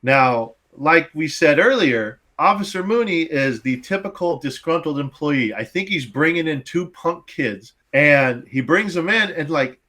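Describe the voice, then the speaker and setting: A man hosting a casual movie review podcast, recapping scenes in an animated, profane way. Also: a little high, a little slow, few pauses. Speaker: podcast host.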